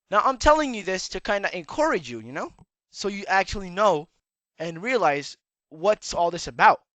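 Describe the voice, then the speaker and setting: A man's voice: fairly high pitch, fairly bright tone, dry recording. A man giving rambling casual commentary in a lecturing tone, his slightly worn voice cracking now and then. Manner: rambling and lecturing, keeps tagging "all right?". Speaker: YouTube commentator.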